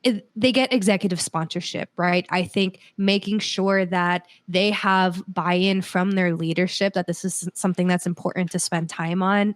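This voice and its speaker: A woman's voice: fairly low pitch, no echo. A woman speaking as a guest in a casual technical podcast discussion over a call, talking conversationally with fillers and restarts. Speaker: solutions architect guest.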